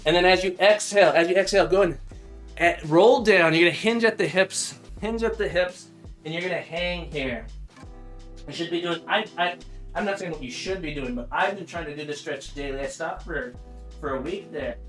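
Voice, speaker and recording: A high-voiced man hosts a live stream in a playful, upbeat way, coaching his viewers through stretches. He talks over a desk mic with faint music behind him. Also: normal speed, a bit bright. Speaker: livestream host. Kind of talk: live coding stream chat.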